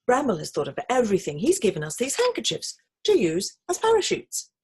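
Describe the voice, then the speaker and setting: A bright, squeaky little teddy bear boy, bubbling with eagerness, as a woman reads him aloud. His voice leaps high and swings widely as he talks, a little breathy around the edges, straight out of a picture book. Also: wildly swooping pitch, a little fast, full character voice. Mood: eager. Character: excited little male toy teddy bear. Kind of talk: storybook reading.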